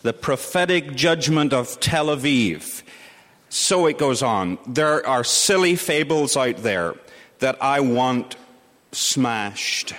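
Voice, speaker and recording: A man's voice: medium pitch, fairly bright tone. A man with a Northern Irish accent, a mission director giving a blunt, humorous conference talk. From Northern Ireland. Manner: humorous and blunt, with self-deprecating asides. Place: church sanctuary. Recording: long reverb of a church hall.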